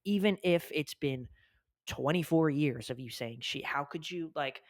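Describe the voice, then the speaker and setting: Deep voiced guy hosting a podcast, chatty, lots of "like", swears a bunch, dry close sound. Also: a little slow, no echo. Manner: swears freely, many "like" fillers. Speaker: podcast host. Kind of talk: casual chat.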